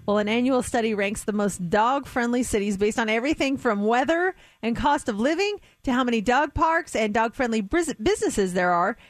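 A woman co-hosting a radio show, telling stories and reading news items in a chatty, lively way. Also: fairly high pitch, dry recording. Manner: chatty storyteller, animated. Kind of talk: casual radio chat and news segment. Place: radio studio. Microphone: studio mic.

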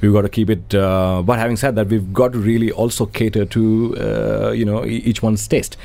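A man's voice: on the low side, little pitch movement, normal speed, vocal fry, mellow. A man who is a theatre director, answering interview questions hesitantly, with many fillers and repeated phrases. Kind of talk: radio interview.

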